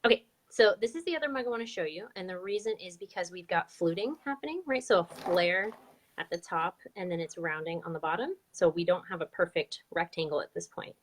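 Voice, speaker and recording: A woman's voice: fairly low pitch, fairly quick. A woman teaching a live online drawing lesson, chatty and upbeat as she explains each step. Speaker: drawing instructor.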